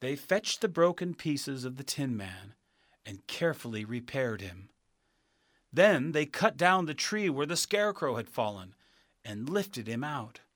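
A man narrating a children's storybook in a calm, measured reading. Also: mid-range voice, dry recording, studio quality.

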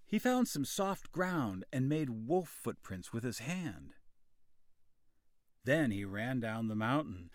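A man reading a children's story aloud, slow, clear and expressive. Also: mid-range voice, dry recording, clean studio sound. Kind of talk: storybook narration.

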